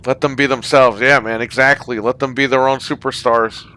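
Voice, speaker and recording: A man's voice: mid-range voice, steady tone, moderate pace, sharp tone. A man hosting a casual online gaming chat, ranting with heavy profanity. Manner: profane, ranting about wrestling. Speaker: podcast host.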